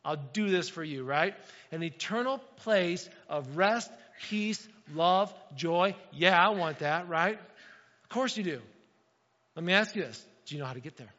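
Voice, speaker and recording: A man delivers a conversational sermon with a high, bright voice, checking in with listeners and playing out small dialogues. His voice carries a long church-hall reverb over a somewhat muffled recording. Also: animated, measured pace. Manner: conversational, asks the room "right?" often, acts out little dialogues. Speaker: pastor. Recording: dull, reverberant hall sound.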